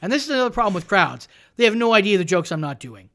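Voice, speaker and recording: A comedian in his fifties, from Canada, spins a long profane story on a podcast. His pitch swings widely as he slips into the voices of the people he describes. His talk stays loose and conversational. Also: very animated, quick pace, fairly bright tone. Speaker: guest comedian.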